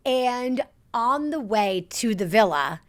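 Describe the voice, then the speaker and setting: A woman in her thirties co-hosting a podcast, talking in a rambling, animated rush. Her voice sits a bit high, and she packs her sentences with "like" and restarts. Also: takes it slowly. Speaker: podcast co-host. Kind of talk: casual chat.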